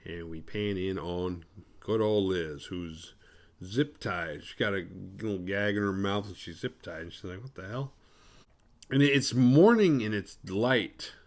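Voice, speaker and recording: A man's voice: low-pitched, measured pace. A man hosting a horror movie podcast, recapping a film in a rambling, profane, sarcastic way.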